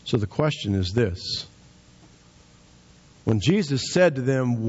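A husky-voiced man preaching a sermon with an emphatic, rising and falling delivery. His voice sits mid-range, and the recording sounds slightly dull. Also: medium pitch, big pitch swings, slow, darkish tone.

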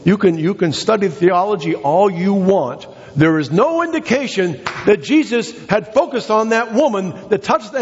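A male pastor preaching a sermon in a church, building to excited, emphatic exhortations with repeated phrases. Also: fairly high pitch. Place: church sanctuary. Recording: dull sound with long hall reverb.

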